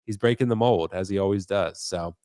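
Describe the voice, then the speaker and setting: A man hosting a casual collectors' chat, excited and chatty, sounding congested from a cold. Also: low voice, a little fast, no echo, clean studio sound. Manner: excited, chatty, says dude a lot. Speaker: host.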